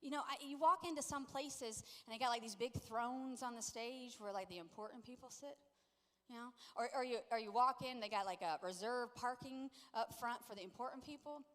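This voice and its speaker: Brief: woman pastor, middle-aged, high and animated, storytelling sermon, long hall reverb. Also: fairly quick. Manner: lively storytelling, playfully acting out quotes. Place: church sanctuary. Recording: long echo of a large church hall.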